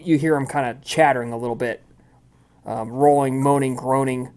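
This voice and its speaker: A man's voice: mid-range voice, fairly even intonation, moderate pace, a little mellow. Man, game master, loose chatty narration, tabletop game. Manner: loose and chatty, with many fillers.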